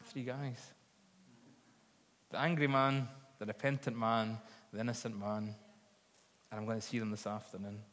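A man's voice: on the low side, level tone, normal speed, pauses often, a bit bright. A man preaching a sermon, telling stories earnestly and building to fervent appeals. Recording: long hall reverb.

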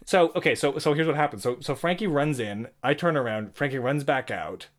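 A man co-hosting a podcast, telling a story in casual chat, acting out quotes in a high strained voice and laughing often. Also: brisk. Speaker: podcast co-host.

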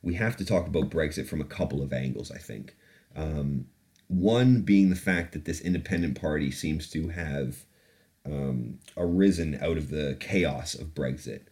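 A man's voice: a bass voice, normal speed, a little mellow. A man hosting a casual opinion podcast, talking in a loose rambling way, laughing now and then and swearing freely. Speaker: podcast host.

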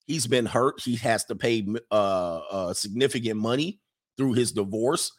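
A man hosting a streaming podcast, talking casually through viewer questions, animated, laughing often and repeating points for emphasis. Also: medium pitch, moderate pace.

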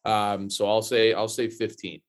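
An American man guesting on a casual football podcast, talking in a measured, earnest way with frequent restarts. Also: fairly low pitch, flat delivery. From United States.

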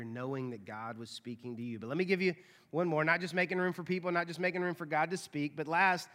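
A man in his thirties preaches an earnest sermon, his bright, slightly high voice at times dropping to a near whisper. The sound rings with the long reverb of a large church hall. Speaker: pastor.

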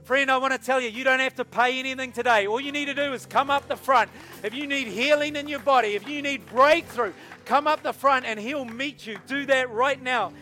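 A man, a pastor, leading an altar call and prayer in a church service, hushed at times and urging at others. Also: very high voice, a little fast, few pauses. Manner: soft and hushed while praying, rising to loud urging. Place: church service with music behind.

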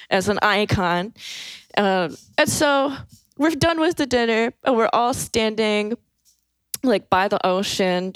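A woman's voice: medium pitch, smooth, dry recording. A young woman telling a story in a casual, amused way, full of fillers and little laughs, on a close mic. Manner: laid-back and amused, with lots of fillers and laughs. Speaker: podcast guest telling a story.

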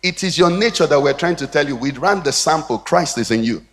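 A man's voice: a little high, animated, a little fast, fairly bright tone. A man with a Nigerian English accent, a pastor preaching a sermon with a rhythmic cadence and call-and-response questions to the congregation. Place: church hall. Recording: long reverb of a church hall.

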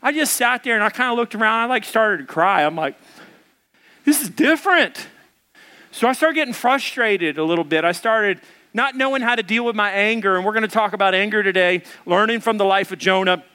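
A pastor preaching with a high, bright, ringing voice. He tells a comic story with lively energy and acts out every quote as he goes. He is a man in his thirties or forties, speaking as a storytelling preacher before his congregation. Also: quick pace, smooth. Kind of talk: storytelling sermon.

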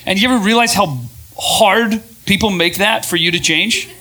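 A man hosting a podcast and speaking to a live audience in an energetic, conversational way, often asking the crowd questions. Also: high voice, normal speed. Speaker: podcast host and speaker, former pastor. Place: event venue with a live audience.

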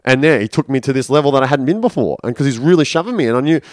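A man's voice: medium pitch, expressive, racing, dry recording, clean studio sound. A man candidly recounting a personal story in casual conversation, swearing freely and acting out his inner voices. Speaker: podcast guest.

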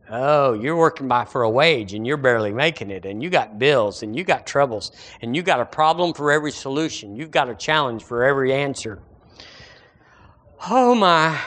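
A man preaching a sermon as pastor, animated and acting out the voices of his listeners. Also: on the high side.

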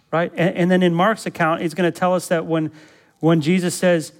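A man's voice: sits high, a little fast. A male pastor preaching a sermon, emphatic, often quizzing the congregation with fill-in-the-blank questions and repeating words to press his points.

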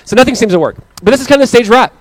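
A man in his thirties preaching a casual, story-driven sermon as pastor, animated and playful as he recounts family moments. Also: rapid-fire, no echo. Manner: animated storytelling, acting out his kids in high voices. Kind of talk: conversational sermon.

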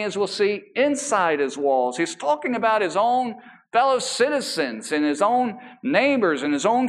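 A man preaches a sermon with a light, high-pitched voice that swoops up and down in lively rises and falls. He stretches key words out slowly for emphasis, then slips into casual, joking asides. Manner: animated, emphatic preaching with drawn-out, slow emphasis; casual asides and self-deprecating humor. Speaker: pastor.

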